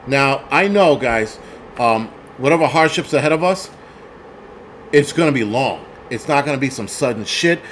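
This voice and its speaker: A man hosting a livestream, telling a story in a profane, animated rant and thanking viewers. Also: mid-range voice, moderate pace, a little hiss or hum. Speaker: host.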